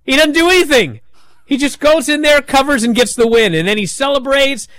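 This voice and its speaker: High-voiced man rambling through a story. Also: fairly quick, fairly bright tone, dry recording. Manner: rambling storyteller with many fillers. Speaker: wrestling radio show host. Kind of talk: casual chat.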